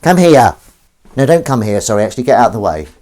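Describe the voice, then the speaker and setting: A man's voice: medium pitch, very animated, quick pace, a little mellow. A man hosting a casual live stream from his kitchen, rambling, cutting himself off mid-sentence and swearing casually. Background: faint running water and sink sounds.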